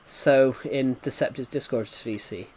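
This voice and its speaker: A man's voice: mid-range voice, steady tone, measured pace, darkish tone. A man, a gaming streamer, telling a story in casual chat with rambling restarts.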